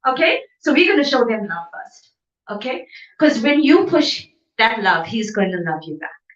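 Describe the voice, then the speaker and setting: A woman's voice: fairly high pitch, sing-song, normal speed, fairly bright tone. A woman giving an emphatic motivational seminar talk, often asking "okay?" to check the audience is with her. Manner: emphatic, repeats okay for agreement. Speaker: business seminar speaker. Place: seminar venue. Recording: echoey room, distant mic, dull sound.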